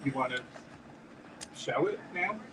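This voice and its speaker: A man's voice: medium pitch, expressive, measured pace, distant mic, background noise. A man hosting a live-stream jewelry auction, chatting as he describes pieces and calls out bids. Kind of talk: live auction selling chat.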